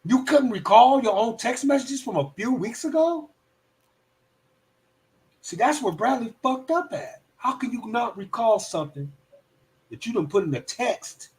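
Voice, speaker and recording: Animated profane man ranting commentary. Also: very high-pitched, measured pace. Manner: animated, profane, slips into mock voices. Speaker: live stream host. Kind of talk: casual heated commentary.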